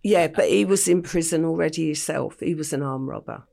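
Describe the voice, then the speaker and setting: An older English woman, a podcast interview guest, retelling her past slowly and matter-of-factly with quoted dialogue. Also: low-pitched, warm tone. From England. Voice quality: gravelly, husky.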